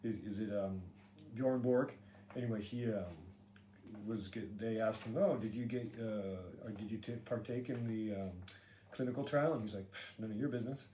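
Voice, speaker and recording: A man's voice: fairly low pitch, normal speed, mellow. A middle-aged man hosting a solo podcast, rambling with filler words, sarcastic and swearing freely. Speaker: podcast host. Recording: echoey room with faint ambient noise.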